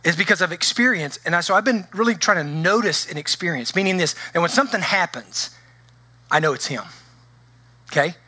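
A man preaching a conversational sermon to his congregation, animated and full of restarts. His voice sits a little high and rings bright and forceful. The sound is close and dry. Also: fairly quick, dry recording. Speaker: pastor. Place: church sanctuary.

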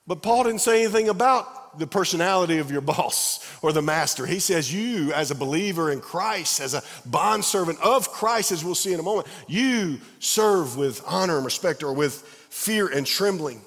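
A man's voice: on the high side, lively intonation, normal speed, few pauses, fairly bright tone, long reverb tail. A middle-aged man preaching a sermon as a pastor, telling stories and acting out the dialogue with animation. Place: large church sanctuary.

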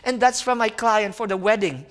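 A young man delivers a sermon as a guest speaker, spinning a personal story with animated energy. His voice sits fairly high for a man. He keeps turning to the listeners and calling them friends. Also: moderate pace.

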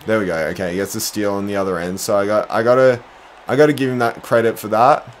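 A young man talks through his basketball game live, his fairly low voice sliding between mutters and sudden shouts when plays go wrong. He mocks his own mistakes as he goes. A faint hiss sits under the recording. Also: fast. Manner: excitable, groaning, self-deprecating, bursts into shouts. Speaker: gaming streamer. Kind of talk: live gameplay commentary.

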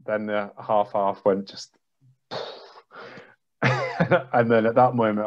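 A man's voice: lowish voice, slow, long pauses, darkish tone. A man, a trampoline coach, telling an emotional story on a video call and acting out his own reactions. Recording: dull lo-fi video call audio.

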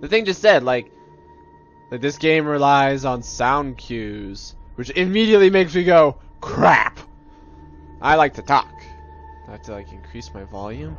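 A young man on his gaming channel plays a horror game, his mid-range voice lively in intonation and normal in speed. Jumpy and nervous, he mocks himself, drops to whispers, then yelps. The capture is dull and lo-fi, with faint game music behind.

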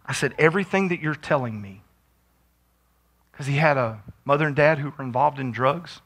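A man preaching a sermon as pastor, moving from quiet storytelling to shouted exhortation. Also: medium pitch, normal speed.

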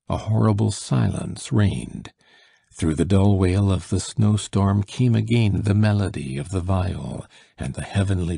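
A man narrating a classic short story as an audiobook, in a measured, dramatic reading. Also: sits low, creaky, mellow, breathy edge, dry recording, studio quality.

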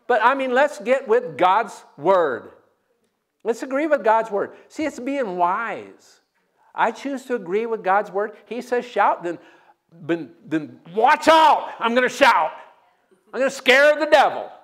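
High-voiced pastor, energetic and joking. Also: male voice, measured pace. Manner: energetic, joking, bursts into shouts. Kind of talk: sermon.

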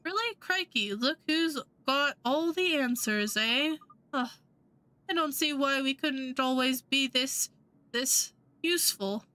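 A woman's voice: high-pitched, takes it slowly, bright, forceful tone, full character voice. A woman voicing a spirited, outspoken young girl in a game, complaining and indignant.

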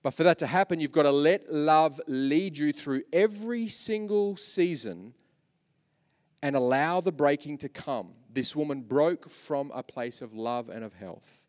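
A man with an Australian accent preaching a sermon as pastor, animated, swinging from soft asides to loud repeated lines. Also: fairly high pitch, unhurried. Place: large church hall. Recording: long reverb of a church hall.

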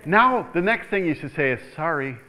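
A man's voice: a little high, normal speed, rough recording. A male pastor preaching a sermon in a church, calling out "Amen?" to the room, chuckling and repeating words as he builds up. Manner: animated preaching with repeated call-outs for "Amen?".

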